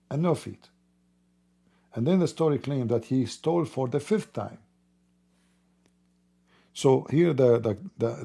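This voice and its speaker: Gravelly man mocking. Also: medium pitch, dark tone. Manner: mocking, laughs often, broken grammar. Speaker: livestream host. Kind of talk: casual late-night livestream talk.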